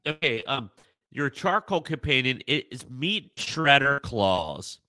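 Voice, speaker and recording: Slow, lively-voiced man chatting casually. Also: medium pitch, no echo. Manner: laughs often, playful. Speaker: podcast co-host. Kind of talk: casual chat.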